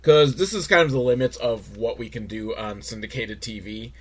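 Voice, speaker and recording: A man's voice: mid-range voice, moderate pace, a bit bright. A man hosting a comedic recap of a TV episode, talking in a wry, rambling way with lots of filler words. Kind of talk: casual comedic commentary.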